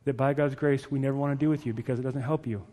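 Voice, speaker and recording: A man voicing a calm, firm mother quietly questioning and teaching her young son. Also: medium pitch, in a large hall, pitched below the performer's own voice, close to an everyday voice. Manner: measured, quiet, instructive.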